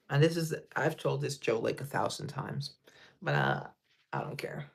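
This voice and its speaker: A man hosting a livestream speaks at a moderate pace in a gravelly, medium-pitched voice with big pitch swings. He reads viewer comments, rambles in a laid-back manner, and laughs at himself.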